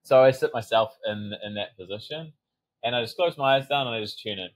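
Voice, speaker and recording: A man's voice: mid-range voice, fairly quick, poor audio. A man, a sobriety coach, telling a personal story in a casual podcast interview, acting out his inner dialogue and swearing casually.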